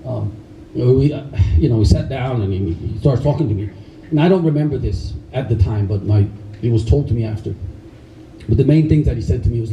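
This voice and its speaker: A middle-aged man telling a story on stage in a casual, animated way, swearing freely. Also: medium pitch, a little fast, highs cut off. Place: stage in a large hall. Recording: roomy hall, mic at a distance, faint noise.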